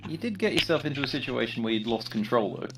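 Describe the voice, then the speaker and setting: A man's voice: medium pitch, expressive, fast. A man sim racing with friends, chatting casually with dry, understated humour. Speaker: co-driver on stream. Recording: faint background clicks.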